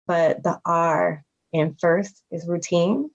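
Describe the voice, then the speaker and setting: Woman guest thinking out loud about life, kinda muffled lo-fi audio. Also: fairly low pitch, steady tone. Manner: candid and reflective, with quick laughs. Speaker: podcast guest. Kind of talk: casual conversation.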